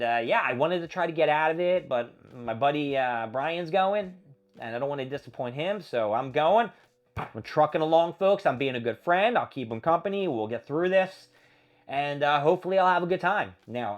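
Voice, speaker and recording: A man's voice: a little high, lo-fi sound. A man hosting a solo show, venting in a profane, exasperated rant. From Philadelphia area. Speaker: podcast host. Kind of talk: ranting solo monologue.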